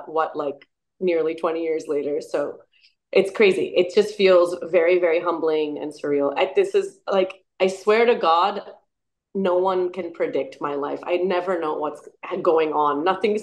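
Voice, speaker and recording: A woman's voice: sits low, a little slow. A woman in her thirties, a musician and actor, chatting enthusiastically in an interview and laughing often. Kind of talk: casual interview chat.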